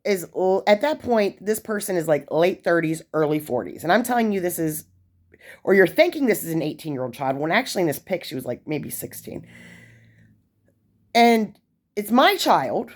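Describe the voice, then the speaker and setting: A woman's voice: fairly low pitch, big pitch swings, normal speed. A woman in her forties telling a story in a chatty, casual way, with lots of fillers and asides. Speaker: vlogger sharing prison experiences.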